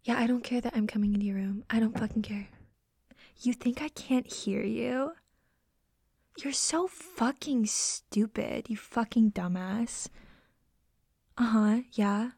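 A young woman acting a scornful, domineering roommate in a whispered role-play, talking in a mocking, contemptuous way with a husky voice. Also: fairly high pitch, measured pace, long pauses, darkish tone.

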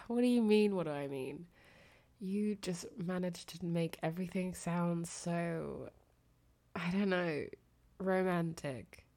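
Sick young woman, nasal and congested, unhurried and giggly, for an intimate girlfriend phone-call role-play. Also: lowish voice. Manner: soft, intimate, giggly, trailing off. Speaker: audio creator.

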